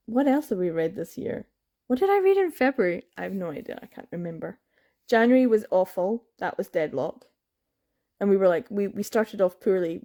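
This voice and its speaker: Woman, book vlogger, fed-up swearing rant, a bit high-pitched. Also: a little mellow. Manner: frustrated ranting, swearing. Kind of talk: casual reading vlog.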